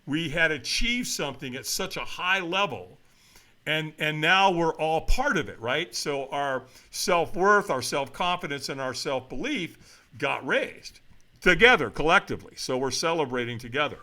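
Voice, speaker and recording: A middle-aged man telling a story as a podcast guest, acting out the voices of the people in it and shouting for emphasis. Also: a little high, lively intonation, moderate pace. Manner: dramatic retelling, acts out quoted voices, shouts for emphasis. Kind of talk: animated storytelling.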